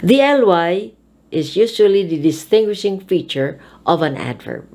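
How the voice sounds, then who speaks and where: A woman speech teacher giving a pronunciation lesson, saying each phrase slowly and deliberately and repeating it twice. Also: mid-range voice, sing-song, darkish tone.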